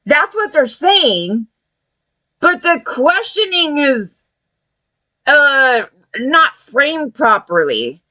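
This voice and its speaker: A woman tears into her subject in a heated, profane opinion rant, scornful throughout. Her voice sits high and swings widely in pitch. The sound is dry and close. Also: sing-song, drawn-out words, pushed and bright, no room sound. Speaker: commentator. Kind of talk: ranting opinion video.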